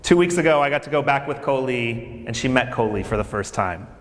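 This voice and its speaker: A man working as a campus minister gives a lively, conversational speech to new students, telling stories and speaking directly to the audience. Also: mid-range voice, brisk. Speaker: campus minister for faith and justice. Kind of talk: speech to incoming freshmen at orientation. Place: large hall. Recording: echoey hall with long reverb.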